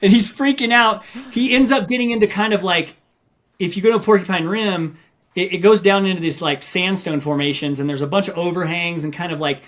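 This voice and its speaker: A high, brisk male voice belongs to a middle-aged ultramarathon runner who also coaches. On a podcast interview, he animatedly recounts stories and acts out the quotes.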